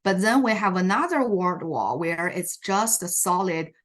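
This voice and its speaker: Halting woman teacher presenting. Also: on the low side, animated. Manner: halting, frequent ums and uhs. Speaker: Chinese immersion teacher.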